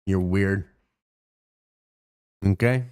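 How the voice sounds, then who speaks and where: A man's voice: low voice, extremely slow, darkish tone, clear, resonant tone. Rambling, profane young man streamer. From Canada. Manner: profane, rambling, many fillers and restarts. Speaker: streamer host. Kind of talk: casual rant to stream viewers.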